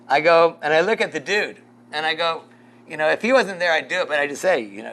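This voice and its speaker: A pastor leading a casual Bible study, rambling through a story with lots of fillers and chuckles. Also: male voice, a little high, lively intonation, fast talker, bright, forceful tone.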